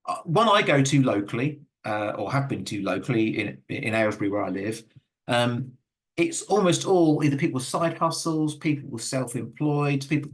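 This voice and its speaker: A middle-aged man giving an earnest talk with audience questions, full of fillers and stammered restarts. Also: medium pitch. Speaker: guest speaker.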